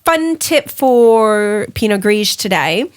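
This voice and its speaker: A woman's voice: medium pitch, expressive, slow, clean tone. A woman co-hosting a casual chat podcast, playful and teasing, often laughing. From Australia. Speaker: podcast co-host.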